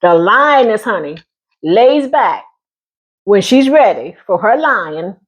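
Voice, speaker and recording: A woman's voice: medium pitch, big pitch swings, takes it slowly. A woman talking casually to her viewers in a sassy manner, calling them honey and laughing often. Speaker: vlogger giving relationship talk.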